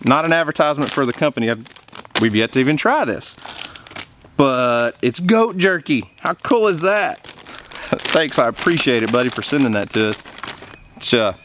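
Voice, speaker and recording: A man's voice: mid-range voice, normal speed, long pauses, slight background noise. A man hosting a homestead vlog in a greenhouse, chatting eagerly and talking with food in his mouth. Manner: excited, chatty, eating while talking. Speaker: homesteading channel host. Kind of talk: casual vlog talk to camera.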